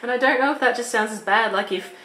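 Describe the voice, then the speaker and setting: A woman's voice: on the high side, fast talker, bright, forceful tone. Young Australian woman, casual vlog chatter, meandering and giggly; roomy, slightly noisy recording. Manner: rambling, laughs often, restarts sentences. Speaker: vlogger. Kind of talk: casual chat. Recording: echoey room with faint noise.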